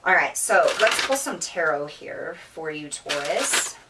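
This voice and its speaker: A woman's voice: low-pitched, expressive, measured pace, far from the mic, very noisy. A woman giving an earnest, emotional tarot reading, with many fillers and restarts and near tears. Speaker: tarot reader. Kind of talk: spiritual tarot reading monologue.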